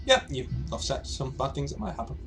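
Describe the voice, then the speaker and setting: A man's voice: medium pitch, big pitch swings, a little fast, creaky, loud music behind the voice. A man acting as game master, narrating a tabletop role-play game in a hesitant way with many fillers and restarts.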